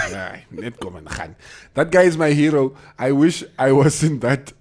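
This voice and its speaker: A man's voice: medium pitch, sing-song, measured pace, a little mellow. A man hosting a morning radio show, reading out listener comments and laughing often on a studio mic. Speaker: radio host.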